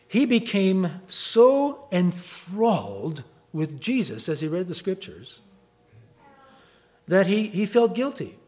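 A man preaching a sermon, telling stories with lively delivery and acting out quoted voices. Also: a little slow. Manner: animated storytelling, acts out quoted voices with wide pitch swings.

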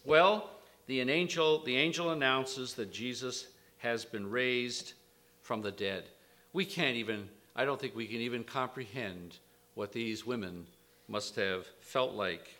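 A man preaching a sermon, slow and emphatic, rising sharply on quoted lines with scholarly asides. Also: pushed and bright. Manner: slow, emphatic, with sudden lifts in pitch and volume on quotations. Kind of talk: expository sermon.

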